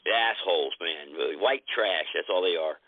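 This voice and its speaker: Brief: male caller, low-pitched and loose, lots of fillers, dry tinny phone-line sound. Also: normal speed, breathy edge, no echo. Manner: loose, chatty, many fillers. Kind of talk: casual call-in chat.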